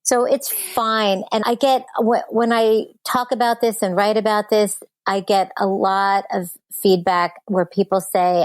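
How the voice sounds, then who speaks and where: A woman's voice: medium pitch, flat delivery, a little slow, few pauses, clear, resonant tone, dry recording. A woman guest on an interview podcast, earnestly explaining her work and laughing easily. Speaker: guest, speech app founder. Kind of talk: conversational interview.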